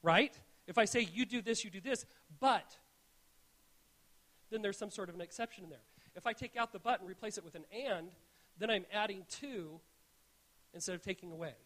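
A man's voice: high-pitched, a little fast, a bit bright. A man preaching to his church, telling stories in an earnest tone and often restarting his sentences as he goes. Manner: earnest, storytelling, frequent restarts. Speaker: pastor. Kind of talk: sermon.

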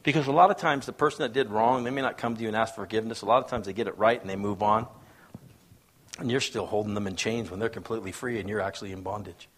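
A man preaches a sermon as a pastor at a quick pace with fairly even intonation, telling stories, acting out the voices he quotes, and asking the crowd if they follow. His delivery swings between hushed, low asides and loud, raised bursts.

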